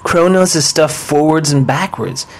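An actor playing a laid-back teen rocker slacker who keeps calling people dude and bro. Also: male voice, fairly high pitch, measured pace, slight background noise, close to an everyday voice. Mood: storytelling.

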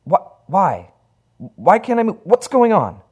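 A man voicing a frightened young office worker who pleads in shrill panic. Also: fast, close to an everyday voice. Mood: panicked.

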